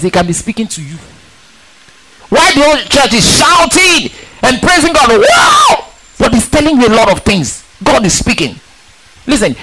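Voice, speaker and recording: Animated male preacher, fairly high voice. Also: slight background noise, low-quality recording. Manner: emphatic, animated, with rhetorical questions and repeated words. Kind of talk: sermon.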